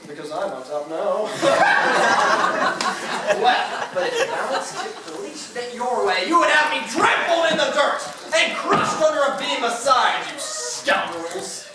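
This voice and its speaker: School play casting: a young actor as a boastful, gloating mayor, lively and declamatory, heard from far off in a noisy hall. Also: mid-range voice, a little slow, hardly any pauses. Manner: gloating, declamatory, bursts of laughter. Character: pompous gloating male town mayor. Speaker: student actor. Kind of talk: amateur school stage acting. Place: school stage.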